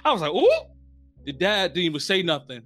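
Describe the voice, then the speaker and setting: A man co-hosting a casual podcast, telling stories in a slangy, animated way. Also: fairly high pitch, fast. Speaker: podcast co-host. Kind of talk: casual chat.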